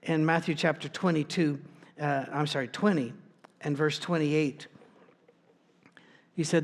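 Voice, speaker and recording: A man's voice: a little high, fairly even intonation, a little slow, gravelly, long pauses. A male pastor preaching a sermon in a plain, informal storytelling way, with frequent restarts and asides.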